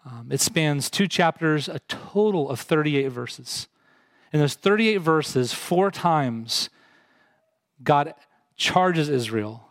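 A man's voice: on the high side, normal speed, no echo. A man preaching a sermon, earnest, putting direct questions to his congregation. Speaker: pastor.

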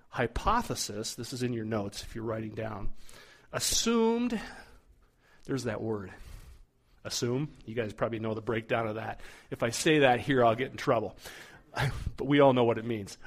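A middle-aged pastor preaches a sermon, telling a story in a conversational, animated way. His voice is medium in pitch.

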